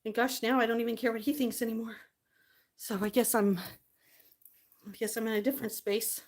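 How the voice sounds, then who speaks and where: A woman's voice: on the high side, steady tone, fairly quick, pauses often. A woman vlogger chatting casually to the camera, tearful at times and laughing often between lines.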